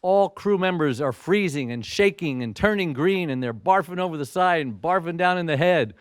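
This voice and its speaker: Animated man in his sixties telling a story. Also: on the high side, moderate pace, clean tone, dry recording, clean studio sound. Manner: animated storyteller who acts out dialogue. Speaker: motivational speaker. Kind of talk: storytelling speech to an audience.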